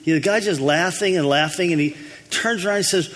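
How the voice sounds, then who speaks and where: A pastor with a slightly high voice eases into his message with folksy jokes, chuckling along as he goes. He speaks from the front of a church, and a long hall reverb trails behind his words. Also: fast, fairly bright tone. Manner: folksy, easygoing joke-telling with a chuckle. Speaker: lead pastor. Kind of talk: telling jokes before a sermon.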